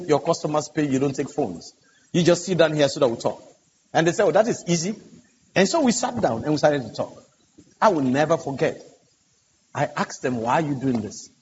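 A man's voice: fairly high pitch, a little mellow. A man, a pastor on a conference panel, telling a story earnestly and emphatically, acting out the dialogue. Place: large conference hall. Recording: dull, echoey conference hall audio with hiss.

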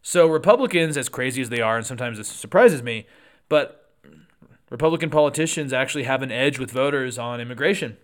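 Smooth-voiced man hosting political commentary. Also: mid-range voice. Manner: conversational, with quick asides and self-corrections. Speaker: political podcast host.

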